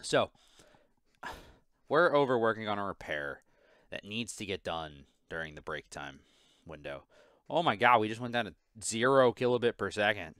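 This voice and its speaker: A man's voice: lowish voice, lively intonation, normal speed, long pauses, fairly bright tone, smooth, no echo, clean studio sound. A man hosting a casual podcast, telling a work story in a profane, exasperated way. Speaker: podcast host. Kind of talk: casual chat.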